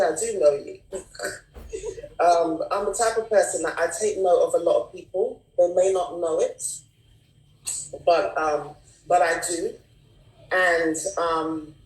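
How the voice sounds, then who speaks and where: Woman guest, low voice, reflective with many fillers, echoey home room. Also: darkish tone, recorded from a distance. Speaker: guest speaker. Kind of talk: personal testimony on a video call. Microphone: video call.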